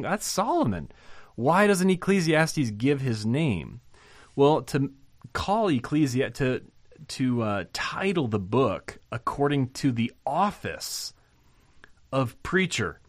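In a medium-pitched voice, a man teaches the Bible informally, restarting sentences, using filler words, and raising his voice to stress the important ideas. The recording is dry.

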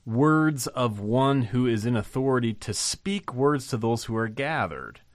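A man's voice: mid-range voice, lively intonation, measured pace, no room sound, clean studio sound. A man giving an informal Bible lesson, thinking aloud with fillers and restarts and rising to emphasize key points. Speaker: Bible teacher.

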